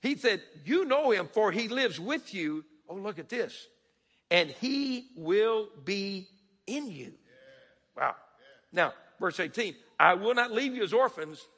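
A man's voice: high voice, sing-song, moderate pace, slightly rough, in a large hall. A man preaching a sermon in a church, firing off rising questions and dropping to near-whispers. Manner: preaches with dramatic rising questions and sudden soft drops.

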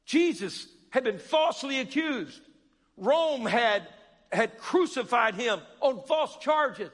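High-voiced preacher man in a reverberant hall. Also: expressive, slow pace. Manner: call-and-response preaching, rising to shouts. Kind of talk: sermon.

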